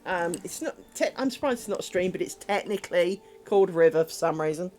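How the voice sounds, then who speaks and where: A British woman chatting casually on a crafts livestream, telling rambling, animated stories full of ums and the odd swear word. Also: on the low side, fast, a little hiss or hum. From Britain. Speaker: crafts streamer.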